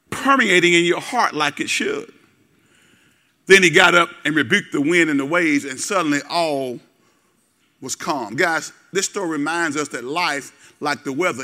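A man preaching a call-and-response sermon, folksy and direct with the congregation, repeating words and building to shouts. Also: on the high side. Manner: folksy, talks straight to the congregation. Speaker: pastor.

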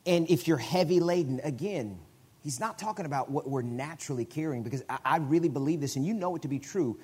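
A man preaching a sermon in a conversational way, often restarting his phrases and breaking into sudden loud bursts. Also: on the high side, quick pace, husky. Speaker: guest preacher.

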